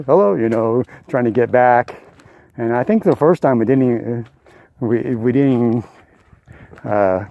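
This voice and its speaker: A man's voice: medium pitch, darkish tone, no room sound, lo-fi sound. An older man vlogging his thru-hike outdoors on a mountain trail, telling a long story in a casual, rambling way. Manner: rambling storytelling with many uh fillers.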